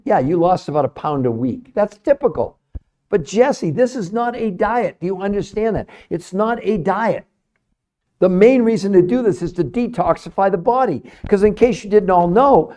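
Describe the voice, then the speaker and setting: A man's voice: sits high, mellow. A middle-aged man hosting a live stream, talking to chat viewers in an emphatic, salesy way and repeating his points for effect. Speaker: livestream host, nutrition researcher.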